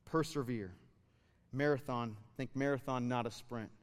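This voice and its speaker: A man in his thirties giving a sermon as a pastor, relaxed and storytelling, then rising to fervent exhortation. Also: mid-range voice, normal speed, smooth, long reverb tail. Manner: conversational, building to fervent exhortation.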